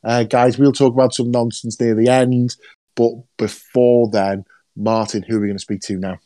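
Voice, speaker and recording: A man's voice: mid-range voice, flat delivery, normal speed, dark tone, no echo. A man hosting a casual podcast, teasing his co-hosts with jokey banter. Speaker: podcast host.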